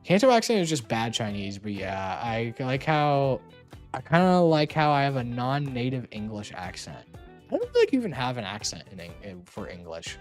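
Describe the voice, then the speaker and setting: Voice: medium pitch, huge pitch swings, moderate pace, faint music behind. A streamer chatting casually on a call, rambling and teasing playfully with lots of filler words.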